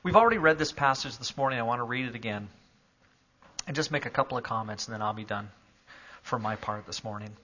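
A man preaching a sermon to a church congregation, moving from calm explanation to loud, emphatic declarations. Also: medium pitch, fast talker, dull audio, slight background noise. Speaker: pastor. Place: church sanctuary.

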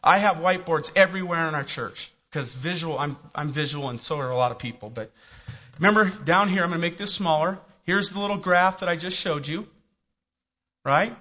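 Bright-voiced male pastor preaching. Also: a little high, a little fast. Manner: storytelling, asks the congregation questions. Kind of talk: sermon. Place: church. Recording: dull lo-fi recording.

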